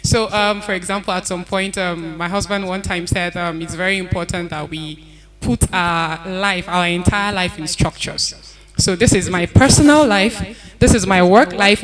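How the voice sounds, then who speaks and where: A woman speaking on a conference panel, giving earnest advice and repeating her key points. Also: fairly low pitch. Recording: event hall with crowd noise.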